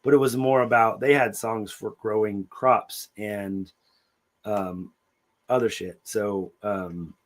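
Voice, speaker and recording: A man's voice: lowish voice, steady tone, slow. A man co-hosting a podcast in casual chat, talking bluntly and cursing freely as he criticizes a TV episode. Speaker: podcast co-host.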